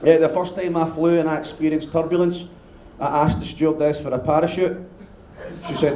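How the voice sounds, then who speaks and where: Brash, high-voiced Scottish comic. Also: male voice, flat delivery, fairly quick. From Scotland. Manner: brash, sweary and loud, bantering with the crowd. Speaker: stand-up comedian. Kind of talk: live stand-up routine. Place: live comedy venue. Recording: echoey live venue sound.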